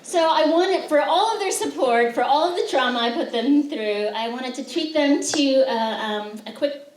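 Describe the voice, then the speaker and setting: A woman poet with a fairly high voice reads her work and tells chatty, humorous stories, often pausing on "um". She sounds set back from the microphone. The lecture room around her is echoey. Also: slight background noise. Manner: chatty, humorous storytelling with frequent "um" fillers. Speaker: poet giving a reading. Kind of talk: poetry reading with spoken anecdotes. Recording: roomy sound, voice distant from the mic.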